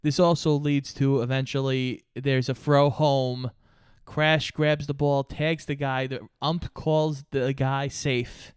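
A man's voice: mid-range voice, level tone, slow pace, clean tone, no room sound, clean studio sound. A man co-hosting a casual movie podcast. He walks through the plot step by step in a storytelling manner. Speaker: podcast co-host. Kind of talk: casual movie recap chat.

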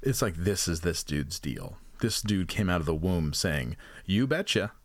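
A man's voice: deep voice, normal speed, no room sound, clean studio sound. A man co-hosting a casual comedic chat, rambling and profane as he tells jokey stories. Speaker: podcast co-host.

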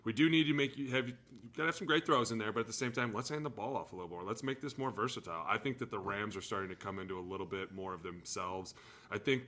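A man co-hosting a casual football podcast, an animated storyteller who gets loud when acting out quotes. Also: lowish voice, fast. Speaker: podcast co-host, former NFL lineman. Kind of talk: casual sports chat. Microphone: home setup in front of drums.

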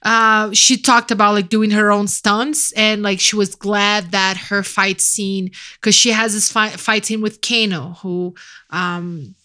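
A woman from Brazil co-hosting a casual movie podcast. Her voice is bright and lively, and she rambles, swears casually and laughs easily as she talks. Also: mid-range voice, slow. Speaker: podcast co-host. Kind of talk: casual movie review chat.

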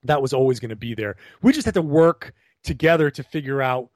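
Here a podcast co-host on a remote call keeps the casual conversation going with animated, rambling turns and many restarts. His medium-pitched voice has a darkish tone, lively intonation and a brisk pace. No room sound; studio quality.

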